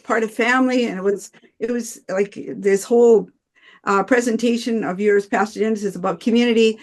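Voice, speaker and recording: Rambling woman storyteller on a video call. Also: medium pitch. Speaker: church study group member.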